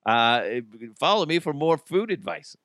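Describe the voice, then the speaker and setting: A man's voice: on the high side, sing-song, slow pace, a bit bright, no room sound, clean studio sound. A middle-aged man hosting a casual solo podcast, talking bluntly with profanity and sarcastic asides. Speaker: podcast host.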